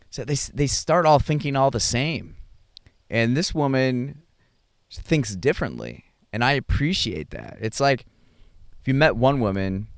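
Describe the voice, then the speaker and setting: Smooth-voiced man musing casually. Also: on the low side, no echo, clean studio sound. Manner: rambling, halting, with many fillers and restarts. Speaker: podcast host. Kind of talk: casual reflective monologue.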